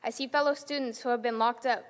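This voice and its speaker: A woman's voice: on the high side, steady tone, fast, smooth, big-room sound. A teenage girl earnestly reading a public comment at a county meeting. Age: teens.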